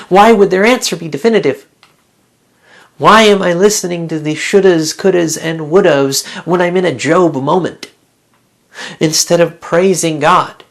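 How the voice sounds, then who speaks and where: In a lowish, gravelly voice, a woman who teaches the Bible delivers an earnest, reflective devotional talk, posing question after question to her listeners.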